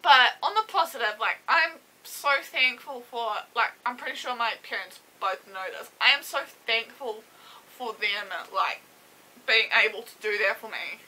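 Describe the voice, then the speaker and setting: A young woman sits and tells a personal story to her camera. Her voice is fairly high and sharply bright. She talks casually, pausing and restarting as she holds back tears. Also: poor audio. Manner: emotional, halting, fighting back tears. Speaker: vlogger. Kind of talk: casual story-time vlog. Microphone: camera mic, seated.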